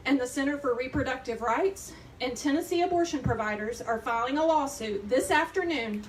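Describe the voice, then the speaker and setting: A woman's voice: high voice, brisk. Woman, tearful, press statement, distant mic, faint hiss. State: emotional, near tears. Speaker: abortion provider representative. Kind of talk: emotional press conference statement. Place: outdoor press conference.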